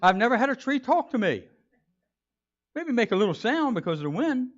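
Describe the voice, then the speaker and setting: A man's voice: very high-pitched, big pitch swings, fairly quick, lo-fi sound. A man preaching a sermon as pastor, in a conversational, joking way.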